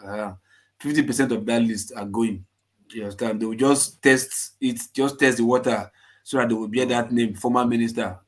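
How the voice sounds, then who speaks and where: Steady man cutting in on a video call. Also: medium pitch, moderate pace.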